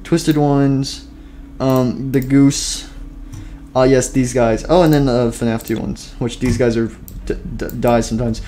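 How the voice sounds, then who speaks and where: A little hiss or hum sits under this mid-range, dark-toned voice, which is fairly even in intonation and a little slow. The man, a gaming YouTuber, gives rambling, casual commentary at his computer with many fillers and self-deprecation, sounding fatigued and breathless.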